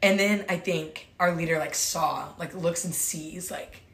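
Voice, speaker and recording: Bright animated woman telling a story. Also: fairly low pitch, unhurried. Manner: animated, acts out quotes, laughs often. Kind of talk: casual chat, storytelling. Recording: echoey room.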